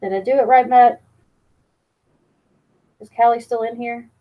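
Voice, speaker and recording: A woman's voice: a little high, steady tone, unhurried, dull audio. A woman live streamer chatting casually, teasing and reading her chat aloud, with plenty of ums and restarts. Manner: fillers and restarts.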